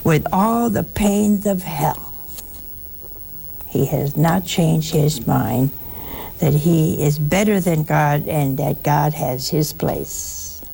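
Older woman preaching, gravelly voice. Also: deep voice, warm tone, slight background noise. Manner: folksy storytelling, acts out voices. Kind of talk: sermon.

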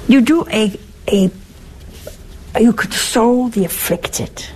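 A woman's voice: on the high side, takes it slowly, darkish tone, a little hiss or hum, poor audio. A woman giving a spiritual teaching talk, wry and teasing, with emphatic turns. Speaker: religious speaker.

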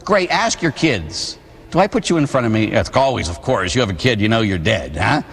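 A man's voice: medium pitch, brisk, breathy edge. Male priest, forties, from Pittsburgh, storytelling sermon, joking asides, long church echo. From Pittsburgh, USA. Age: 40s. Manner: lively storytelling, tag questions, humorous asides. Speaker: Catholic priest. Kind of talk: sermon with personal stories.

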